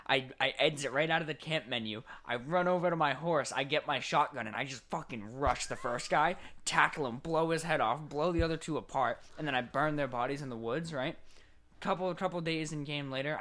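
A man co-hosting a casual podcast, telling animated gaming stories and acting out scenes. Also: fairly high pitch, a little fast. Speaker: podcast co-host. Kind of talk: casual chat.

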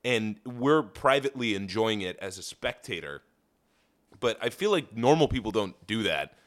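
A man's voice: on the low side, animated, moderate pace. A man in his thirties who grew up around Kansas City, co-hosting a podcast in crude, joking casual banter and laughing often. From Kansas City area. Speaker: podcast co-host.

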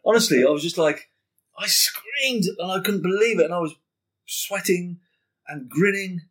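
On a podcast, a male guest with a high voice relates a story at normal speed. The talk is casual and lively, full of swearing and acted-out quotes from others.

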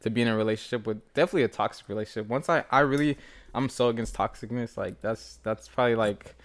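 A young man talking casually as a podcast guest, laid-back and rambling. He drifts through fillers and restarts, and his voice sits at an ordinary middle pitch. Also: quick pace. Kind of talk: casual chat.

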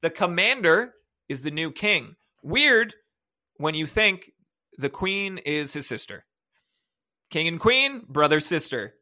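A man's voice: on the high side, sing-song, takes it slowly, pushed and bright. A man co-hosting a podcast, giving a sarcastic, mocking play-by-play recap of a movie in casual chat. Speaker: podcast co-host.

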